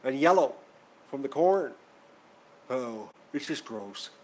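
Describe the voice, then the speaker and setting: A man's voice: mid-range voice, lively intonation, slow, slight background noise. Rambling, worked-up male vlogger. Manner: rambling and repetitive, getting worked up. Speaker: channel host. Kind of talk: casual vlog chat to viewers.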